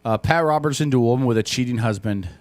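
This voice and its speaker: A man hosting a comedy talk radio show, animated, mocking and profane as he plays and picks apart clips. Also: mid-range voice, fast.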